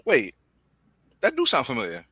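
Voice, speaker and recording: Bright animated man, dry sound. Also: medium pitch, moderate pace, breathy edge, no room sound. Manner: animated, argumentative. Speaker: podcast co-host. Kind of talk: casual chat.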